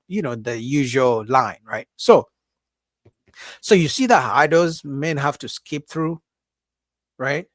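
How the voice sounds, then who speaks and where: A man's voice: normal speed, no echo, studio quality. A man hosting a livestream, giving a casual, emphatic opinion monologue full of repetition and asides like "right?". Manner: animated, acts out women's voices in a high mocking pitch. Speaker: livestream host.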